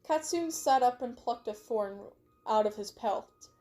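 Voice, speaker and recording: A woman's voice: fairly high pitch, animated, unhurried, warm tone. A woman reading her own story aloud on a stream, in a casual way, often stumbling and correcting herself with little asides.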